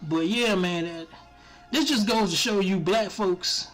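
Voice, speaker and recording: A man giving casual, profane commentary on his stream, animated and often breaking into laughter. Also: high-pitched, unhurried, faint music behind.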